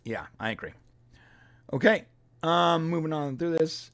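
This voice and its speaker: Easygoing man, slightly higher voice. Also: animated, a little slow, long pauses, fairly bright tone. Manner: easygoing, thinks aloud with restarts. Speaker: podcast co-host. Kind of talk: casual live review chat.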